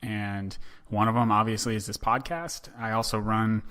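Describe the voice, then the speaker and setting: A man hosting a podcast, telling a story in a relaxed, chatty monologue full of "um" and "you know". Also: on the low side, normal speed, clear, resonant tone. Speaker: podcast host.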